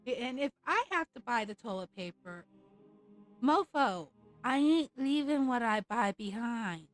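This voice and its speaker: A woman's voice: a little high, expressive, unhurried, faint music behind, poor audio. A woman streamer ranting in a casual, blunt and profane way over a live game stream.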